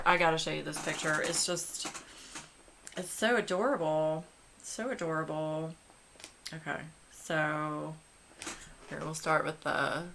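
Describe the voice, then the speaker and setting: A woman's voice: deep voice, bright, forceful tone, slight background noise. A woman in her forties chatting casually and gushingly to her viewers while she colors. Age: 40s. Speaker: coloring channel host.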